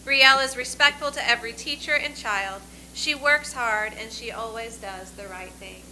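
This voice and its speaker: A woman principal presenting a student award, reading out staff tributes in a warm, emotional way. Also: a little high, normal speed, a little hiss or hum, rough recording. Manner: warm, emotional, reads quotes aloud. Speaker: elementary school principal.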